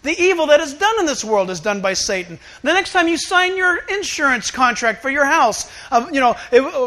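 A man preaching a sermon, animated, acting out little scenes and swinging between loud outbursts and hushed asides. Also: very high voice, moderate pace, few pauses. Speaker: pastor.

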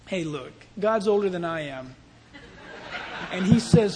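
A man pastor preaching a sermon in an animated, playful way, acting out Bible scenes as he goes. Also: very high voice, moderate pace, long reverb tail.

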